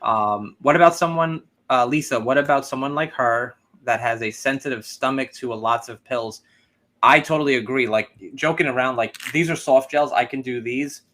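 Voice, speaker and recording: A man's voice: mid-range voice, moderate pace, a bit bright. A man hosting a casual live-stream interview, chatty and loose, with many "like" and "um" fillers. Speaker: host.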